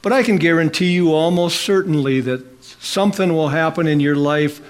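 A man preaching a sermon, building to loud, emphatic declarations. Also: a little high, normal speed. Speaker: pastor.

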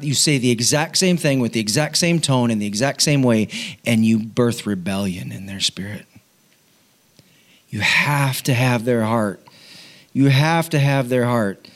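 A middle-aged man preaching with a personal story from his own home. He is animated and self-mocking, breaks into laughter and restarts his sentences, and his voice sits at an ordinary middle pitch.

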